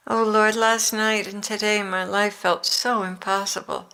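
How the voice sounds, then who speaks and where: An older woman narrates a devotional reading earnestly and from the heart. Her voice is bright and slightly gravelly. She speaks slowly. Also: mid-range voice, flat delivery.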